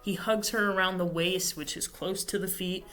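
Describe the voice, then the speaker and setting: A woman's voice: fairly low pitch, steady tone, moderate pace, fairly bright tone, soft background music. A young woman on a podcast casually retelling a novel's plot, rambling with many fillers and self-corrections. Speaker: podcast host. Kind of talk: casual book recap.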